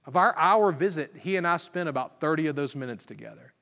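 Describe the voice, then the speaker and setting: A man preaching from the pulpit, telling a personal story with earnest storytelling that builds into emphatic preaching. His voice sits a bit high. The sound carries a long reverb from a large hall. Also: animated, brisk, vocal fry, pushed and bright. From Virginia. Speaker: pastor. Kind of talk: sermon testimony.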